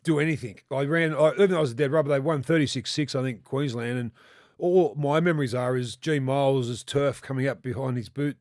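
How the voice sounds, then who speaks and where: An Australian man in his fifties, a former rugby league player, telling rambling, animated stories in casual chat and swearing freely. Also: mid-range voice, brisk, dry recording, clean studio sound. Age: 50s.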